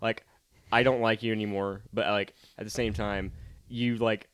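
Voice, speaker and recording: A man's voice: fairly low pitch, little pitch movement, moderate pace, fairly bright tone, smooth, dry recording. A man co-hosting a casual podcast, telling stories in a rambling way with lots of "like" and laughter. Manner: rambling storyteller, many likes and laughs. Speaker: podcast co-host. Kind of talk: casual chat.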